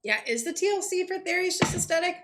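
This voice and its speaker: A woman's voice: extremely high pitch, animated, quick pace, a bit bright, soft background music. A woman streaming a game, chatting casually and thinking aloud with lots of fillers. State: hiccups. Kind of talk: casual gameplay commentary.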